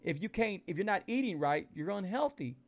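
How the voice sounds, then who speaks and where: A man's voice: sits high, fairly quick. A man talking casually and energetically to his followers on a phone livestream. He repeats himself a lot and speaks to viewers in a folksy way about his eating. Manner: animated, repetitive, folksy, addresses viewers directly. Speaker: keto weight-loss vlogger. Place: indoors, livestreaming.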